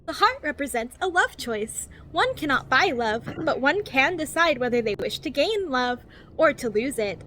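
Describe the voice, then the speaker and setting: Woman, streamer, high voice, very animated, giggly, cheery infomercial-style reading. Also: moderate pace, a little hiss or hum. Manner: giggly, laughs often. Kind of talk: livestream reading a game's text aloud.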